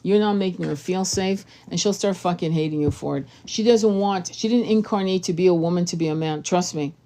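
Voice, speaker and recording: A woman's voice: fairly low pitch, brisk, dark tone. A woman tarot reader giving blunt, profane relationship advice in a casual monologue.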